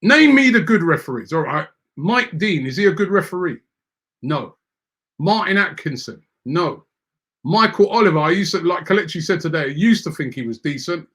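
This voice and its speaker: A man hosts a football fan show and reads out viewer comments. He rants in an animated, exasperated way, stumbling over repeated words as he gets worked up. His voice sits a little higher than most men's. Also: normal speed. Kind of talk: animated casual rant.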